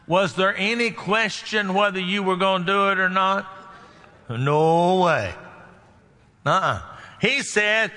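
Male preacher, folksy sermon style, very bright tone, long hall reverb. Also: high voice, unhurried. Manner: folksy, conversational, asks the congregation questions.

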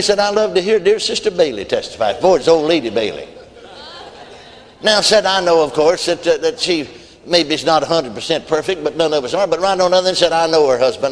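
A man's voice: a little high, in a large hall. A man preaching a sermon, telling folksy stories with quoted voices and chuckles. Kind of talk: sermon storytelling.

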